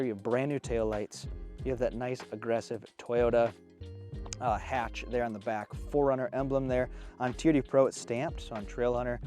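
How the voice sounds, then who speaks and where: Breathless, excited man in his thirties. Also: medium pitch. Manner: enthusiastic, excitable. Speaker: off-road vehicle reviewer. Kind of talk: casual walkaround review.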